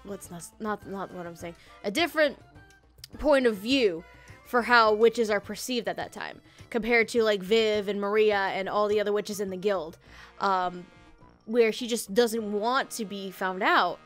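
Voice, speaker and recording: A woman's voice: medium pitch, a little slow, fairly bright tone, faint music behind. A woman hosting a casual podcast chat, rambling and self-correcting, laughing often. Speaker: podcast host reviewing an audio drama.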